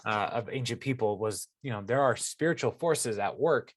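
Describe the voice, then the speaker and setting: A man's voice: medium pitch, normal speed. A man giving a casual Bible study talk, first reading a passage aloud and then explaining it in a chatty way with many fillers and restarts. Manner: conversational, many fillers and restarts, laughs at the story. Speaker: Bible teacher.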